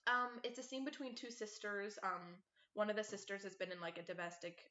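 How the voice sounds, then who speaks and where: A woman's voice: mid-range voice, steady tone, a little fast, sharp tone. Rambling friendly young woman in a roomy recording. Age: young adult. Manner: friendly, rambling explainer with fillers. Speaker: podcast guest, theater student. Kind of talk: casual chat. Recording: roomy, dull lo-fi sound.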